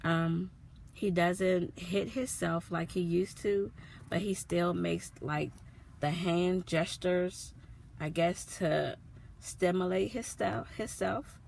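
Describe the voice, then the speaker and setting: Slow, gravelly-voiced mother telling her story. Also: fairly low pitch, fairly even intonation, darkish tone, slight background noise. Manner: earnest, repetitive, emotional retelling. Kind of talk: personal vlog storytelling.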